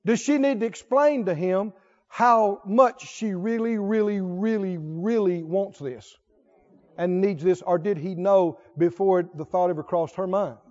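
Male preacher, sermon, rhetorical questions, emphatic repetition; high, animated voice; dull lo-fi recording. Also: a little slow.

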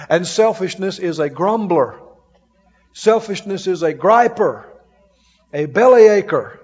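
A man's voice: high-pitched, husky, big-room sound, dull audio. A male preacher giving a folksy, emphatic sermon, often laughing as he preaches.

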